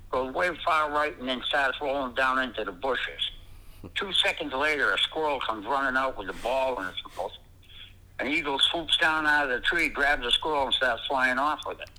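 An older man from New England telling a joke over a tinny phone line in an unhurried, dry way. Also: mid-range voice, bright, forceful tone.

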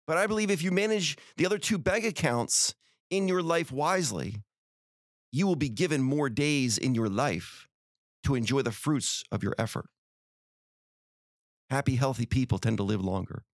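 An expressive mid-range male voice, speaking at normal speed, comes through clean and echo-free from the studio. The speaker, a middle-aged podcast host, gives a sincere, folksy motivational talk that keeps posing rhetorical questions.

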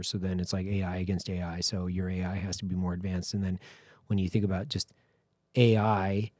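A middle-aged man co-hosting a podcast, talking casually and halting as he works through an idea. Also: low-pitched, a little mellow, dry recording, studio quality. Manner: halting, restarts, thinking aloud. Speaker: podcast co-host. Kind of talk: casual chat.

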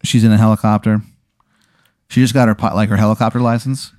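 A man's voice: lowish voice, fast talker, dry recording, studio quality. Rambling man spinning an absurd tale. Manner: rambling, full of "like" and "uh", deadpan absurd. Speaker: podcast host telling an absurd hypothetical. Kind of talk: casual improvised storytelling.

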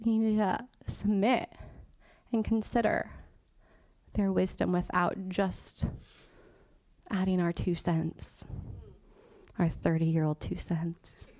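A woman's voice: lowish voice, flat delivery, slow, long pauses, a little mellow, dry recording. A woman giving a sermon in a chatty, informal way, laughing often and dropping to a whisper to make a point. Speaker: guest church teacher. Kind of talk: conversational sermon.

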